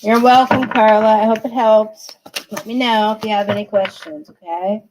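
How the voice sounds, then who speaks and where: A woman's voice: medium pitch, fairly even intonation, normal speed, noisy background. A woman giving tarot readings on a live stream, chatting straight to her viewers and laughing often. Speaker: tarot reader.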